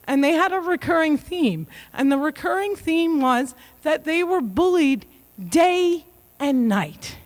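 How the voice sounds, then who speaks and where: High-voiced woman telling jokes. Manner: joking, self-mocking, quick punchlines. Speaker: keynote speaker. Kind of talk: comedic keynote speech.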